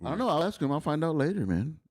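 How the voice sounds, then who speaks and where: A man's voice: a little high, big pitch swings, racing, darkish tone. A man appearing as a guest on a call-in comedy show, talking in a laid-back, laughing way. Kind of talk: casual chat.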